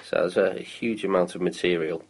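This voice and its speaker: A man's voice: low-pitched, steady tone, normal speed, poor audio. A man in his thirties from the UK, chatting on a local show about council recycling with many ums and restarts. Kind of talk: casual radio chat.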